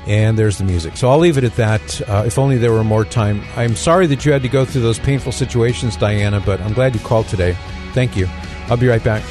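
A man hosting a radio call-in show who is losing his voice, answering a caller's question in a measured, explanatory way. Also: fairly low pitch, music in the background.

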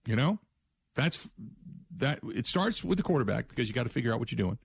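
A man's voice: mid-range voice, sing-song, fairly quick, creaky. A man hosting a sports talk radio show, giving an emphatic, rambling opinion monologue with frequent restarts. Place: radio studio.

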